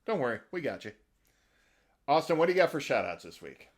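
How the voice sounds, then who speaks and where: A man's voice: medium pitch, big pitch swings, a little fast. A middle-aged man co-hosting a podcast, chatting casually and rambling with many ums and restarts. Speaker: podcast co-host. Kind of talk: casual chat.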